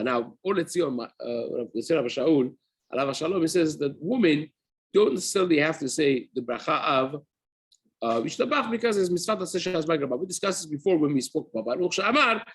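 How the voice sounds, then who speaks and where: This spoken Torah class is led by a rabbi whose voice is a little high, fairly bright and slightly rough. Teaching daily halacha step by step, he frequently restates and rephrases points and mixes Hebrew terms into his English.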